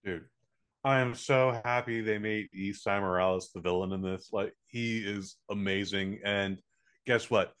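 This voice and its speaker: A man's voice: on the low side, steady tone, normal speed, a bit bright, clear, resonant tone. A man co-hosting a podcast, reviewing a movie in rambling, joking, profane casual chat.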